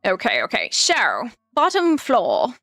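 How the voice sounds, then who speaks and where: A woman's voice: fairly high pitch, wildly swooping pitch, slow pace, gravelly, a bit bright, no echo, studio quality, soft background music. A woman casually commenting while playing a game on stream, chatty and laughing often, trailing off as she thinks.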